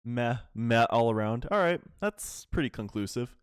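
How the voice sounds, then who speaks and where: A man's voice: medium pitch, expressive, normal speed, clean tone, no room sound, clean studio sound. A man hosting a casual anime podcast, rambling through episode recaps with lots of fillers and swearing. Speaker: podcast host.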